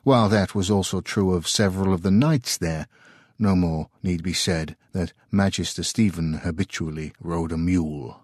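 A man narrating a short story in an expressive storytelling manner. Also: deep voice, normal speed, no echo, studio quality. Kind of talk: scripted narration.

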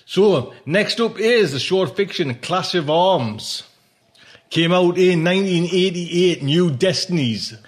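A man's voice: sits high, expressive, takes it slowly. A man hosting a podcast in a casual, rambling manner with many fillers. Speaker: podcast host. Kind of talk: casual chat.

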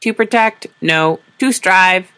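A woman voicing an alien translation device that speaks in slow, stilted, oddly worded phrases. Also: lowish voice, sharp tone, smooth, pitched above the performer's own voice. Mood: cryptic. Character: cryptic alien translation device, sexless machine.

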